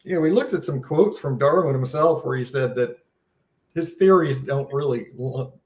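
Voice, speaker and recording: A man's voice: mid-range voice, moderate pace, roomy sound. A man giving a casual, earnest Bible seminar talk, teaching conversationally with many restarts and a sense of wonder. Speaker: seminar presenter.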